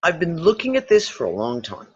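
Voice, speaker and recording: A man hosting a discussion show, thinking out loud in loose, rambling speech with casual swearing and frequent restarts. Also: on the high side, wildly swooping pitch, fairly quick, husky. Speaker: podcast host. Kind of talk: casual speculative talk. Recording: dull lo-fi recording.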